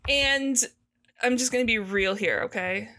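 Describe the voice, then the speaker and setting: A woman's voice: fairly high pitch, unhurried. A woman co-hosting a podcast, chatting casually and with animation as she recaps an episode and acts out the characters' lines. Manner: animated, laughing, quotes characters in playful voices. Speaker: podcast co-host.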